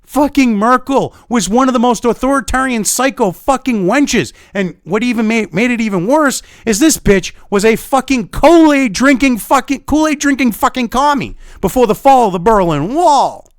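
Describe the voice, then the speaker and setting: An angry, foul-mouthed man ranting sarcastically as a commentary vlogger. His voice runs fairly high and leaps around a lot in pitch. The sound is close and dry, with no room echo. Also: animated, moderate pace, hardly any pauses.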